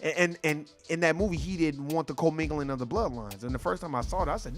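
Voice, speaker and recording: A man's voice: a little high, expressive, fast, hardly any pauses, fairly bright tone, soft background music. A man hosting a casual conversation, talking in a blunt, emphatic and profane way. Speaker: podcast host.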